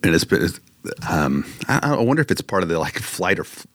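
Man, very low voice, relaxed talk full of ums, dry close recording. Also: a little fast, no echo. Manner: relaxed, many fillers, restarts. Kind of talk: casual conversation on leadership.

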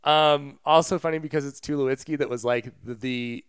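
A man's voice: mid-range voice, steady tone, brisk, smooth, dry recording, studio quality. A man co-hosting a casual sports podcast, chatting loosely and retelling stories with fillers and asides. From Colorado. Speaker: podcast co-host.

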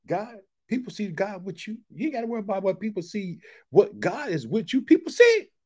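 Man, preacher, high voice, emphatic asides, sermon with scripture reading. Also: animated, fairly quick, warm tone, breathy edge. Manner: emphatic, call-and-response asides.

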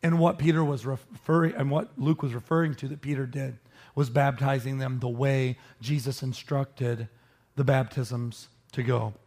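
A man preaching a sermon, teaching with animated emphasis and joking with his listeners. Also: mid-range voice, normal speed. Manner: animated, rises sharply for emphasis, jokes with listeners. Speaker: pastor.

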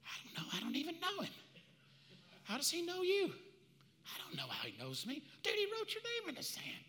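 Puzzled male bystanders murmuring quickly under their breath, as a preacher puts them on. The quiet voices sit high and bright in an echoey hall. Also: wildly swooping pitch, heavily acted. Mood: hushed puzzled.

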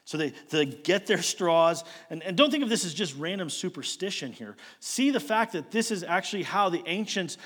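A man preaching a sermon as a storyteller, posing rhetorical questions and moving between loud emphasis and quiet asides. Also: sits high, animated, normal speed, hardly any pauses. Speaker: pastor. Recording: long hall reverb.

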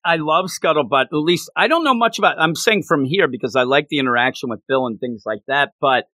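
A man chatting casually as a podcast host, reviewing a comic book with excited, gushing enthusiasm and lots of stumbling restarts. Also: fairly high pitch, fast, no room sound.

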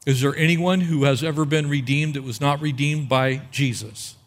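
A man preaching, with a voice a little higher than most men's. He works through scripture verse by verse, fires off rhetorical questions and slows right down to lean on the key words. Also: fairly even intonation. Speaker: pastor. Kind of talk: sermon.

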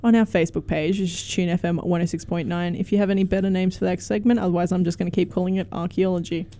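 A young woman hosting a casual community radio music show, chatty and quick to laugh. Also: on the low side, steady tone, mellow. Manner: chatty, laughs often, asks questions. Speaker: radio host.

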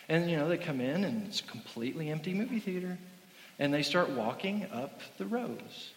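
A male pastor preaching a sermon through animated, self-deprecating comic stories. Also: on the high side. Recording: echoey hall reverb.

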